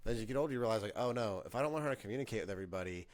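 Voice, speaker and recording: Podcast host, man in his late twenties: chatty, reflective, low-ish voice. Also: lively intonation, rapid-fire. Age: 20s. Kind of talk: casual chat.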